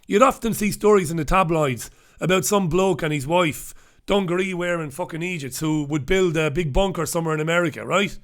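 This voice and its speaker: A man's voice: sits high, a bit bright. A man hosting a sarcastic, swearing review of the day's newspapers, ranting about the stories. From United Kingdom. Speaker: host. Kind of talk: scathing newspaper review monologue.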